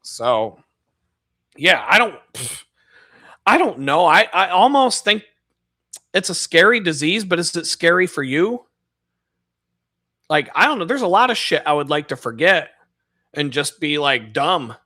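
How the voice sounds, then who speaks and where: A man's voice: on the high side, big pitch swings, measured pace, pauses often, bright, forceful tone, no room sound, studio quality. A man on a live stream, ranting casually in a profane, rambling, mocking way. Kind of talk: casual rant.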